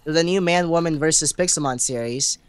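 A man's voice: a little high, brisk, clean tone, no room sound. A young man co-hosting a casual game let's-play, rambling goofily with melodramatic outbursts. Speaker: gaming channel co-host.

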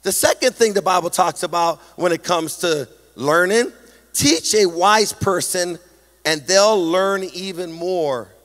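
A man preaching a sermon as pastor, animated with a sing-song emphasis and self-deprecating humor, speaking into a stage microphone in a large church hall. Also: sits high.

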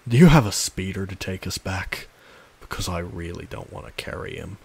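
A man's voice: low-pitched, animated, normal speed, gravelly, a little mellow, slightly rough, full character voice. A man doing a stern young Jedi master. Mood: dry.

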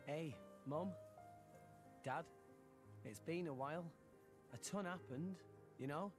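An earnest young hero. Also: male voice, on the high side, slow pace, soft background music. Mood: tender. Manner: sincere, gentle. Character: earnest young man adventurer.

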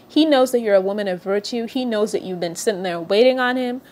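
Woman, minister, scripture reading, earnest preaching, direct address. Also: medium pitch. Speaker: prophetic minister.

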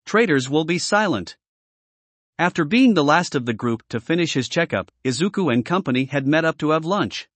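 A man reading fan fiction aloud as narrator in a steady storytelling read. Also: fairly high pitch, brisk, few pauses, dry recording.

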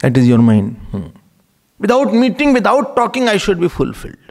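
A man delivers a spiritual discourse, his voice pitched high and swinging widely up and down. There is a gravelly edge to his tone, and he keeps posing rhetorical questions and chuckling. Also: huge pitch swings, normal speed. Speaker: spiritual teacher.

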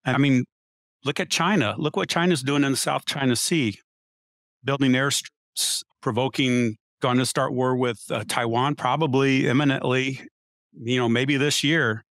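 A man's voice: mid-range voice, fairly even intonation, measured pace, fairly bright tone, dry recording, studio quality. A man in a casual panel debate, arguing his point insistently and reeling off statistics. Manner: argumentative, cites statistics. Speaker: panel guest.

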